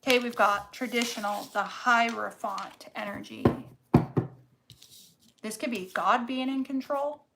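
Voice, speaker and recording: A woman's voice: fairly high pitch, heavy background noise. A woman giving a casual tarot reading, blunt and emphatic, swearing freely and stretching out words for stress. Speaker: tarot reader.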